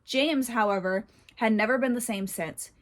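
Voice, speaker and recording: A woman's voice: fairly high pitch, normal speed. A woman hosting a horse channel, reading online posts aloud and commenting in a chatty way, often breaking into laughter.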